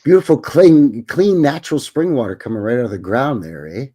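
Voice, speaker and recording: A man's voice: mid-range voice, expressive, a little fast, dark tone, husky. A man from Alberta with a Canadian accent co-hosting a casual, joking chat. He keeps leaning on "you know" and "right". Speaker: podcast co-host.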